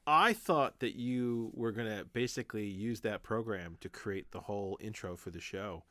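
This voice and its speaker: A man co-hosting a podcast, mostly chiming in with brief agreement and halting remarks. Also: lowish voice, pushed and bright, no echo, clean studio sound. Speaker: podcast co-host. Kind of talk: casual chat.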